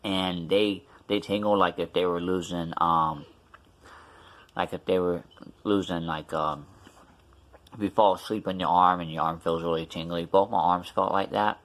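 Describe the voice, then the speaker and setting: A man's voice: low-pitched, steady tone, moderate pace, fairly bright tone. A man vlogging casually about his tooth extraction, rambling with many fillers and restarts, his mouth still numb. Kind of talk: casual storytelling vlog.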